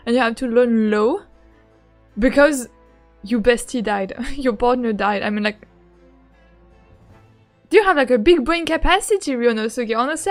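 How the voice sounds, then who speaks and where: A woman streaming a game playthrough, excitable and giggly, talking loosely with lots of fillers. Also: on the high side.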